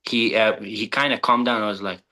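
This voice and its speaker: Bright-voiced man telling a halting story. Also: on the low side, steady tone. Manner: halting, many fillers. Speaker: insurance agent. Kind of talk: telling a work story on a training call. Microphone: video call.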